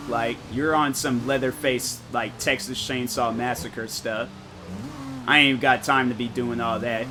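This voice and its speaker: A young man streaming games, chatting casually with his viewers and telling animated, slang-filled stories. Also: medium pitch, slight background noise. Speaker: gaming streamer.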